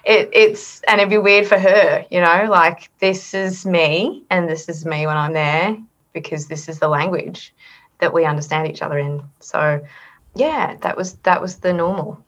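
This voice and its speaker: A woman's voice: on the low side, fairly even intonation, measured pace, muffled recording. A middle-aged woman talking as an interview guest, thoughtful and earnest, with frequent restarts. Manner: thoughtful, earnest, with many restarts and soft laughs. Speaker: guest, accent performer. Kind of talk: reflective interview conversation.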